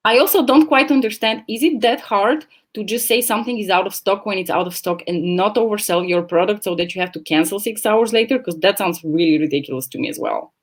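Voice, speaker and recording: Barely pausing, this livestream host rattles on fairly quickly in a mid-range voice, picked up by a laptop camera mic at home. Her casual chat is rambling and blunt, with swearing throughout.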